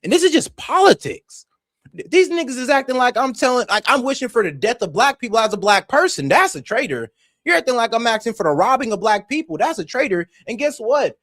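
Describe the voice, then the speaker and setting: Young man, stream host, passionate commentary, animated pitch, dry sound. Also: a little fast, no room sound. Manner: passionate, swearing, swings from shouting to quiet. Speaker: stream host reacting to videos. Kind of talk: heated casual commentary.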